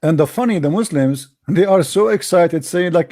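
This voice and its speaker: A man's voice: fairly high pitch, lively intonation, normal speed, mellow, no echo. Scornful man with dry close sound. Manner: scornful, insulting, laughs at his opponent, non-native grammar. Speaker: commentator reacting to a debate clip. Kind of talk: mocking reaction commentary.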